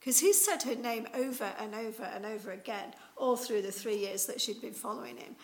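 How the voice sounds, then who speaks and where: A woman's voice: fairly high pitch, brisk. A woman preaching an informal Easter sermon, retelling the story in a chatty way with many fillers.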